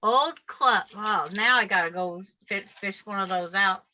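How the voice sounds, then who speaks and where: Heard through muffled video-call audio, an older craft channel host speaks a little slowly in a medium-pitched, sharp-toned voice. She chats casually while working, spinning stories and laughing easily.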